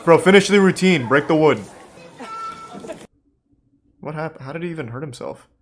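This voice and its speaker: A man in his thirties giving casual, sarcastic commentary on video clips, with deadpan asides and sudden excited shouts. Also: a little high, moderate pace, a crowd in the background, background noise.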